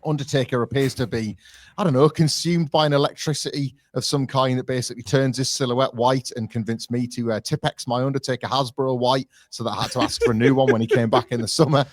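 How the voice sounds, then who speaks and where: A man's voice: mid-range voice, steady tone, fast talker, no echo. Guy on a podcast, wry recap, dry close mic. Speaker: podcast co-host. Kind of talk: casual podcast chat.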